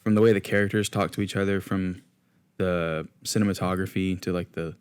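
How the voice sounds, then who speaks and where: A man's voice: deep voice, steady tone, fairly quick, smooth. A man co-hosting a podcast, talking loosely with many restarts and fillers. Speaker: podcast co-host. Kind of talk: casual chat.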